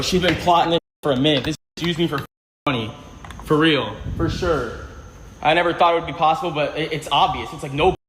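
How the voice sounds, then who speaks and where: A man's voice: on the high side, fairly bright tone. Agitated young male streamer, cursing and repeating himself in an echoey room. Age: young adult. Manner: agitated, profane, repetitive. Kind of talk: livestream rant. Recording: echoey room, faint noise.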